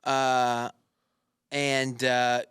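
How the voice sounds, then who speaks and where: A man's voice: medium pitch, flat delivery, drawn-out words, fairly bright tone, clean tone, dry recording, clean studio sound. A man hosting a casual podcast, telling crude jokey stories. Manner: crude, joking storyteller. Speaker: podcast host.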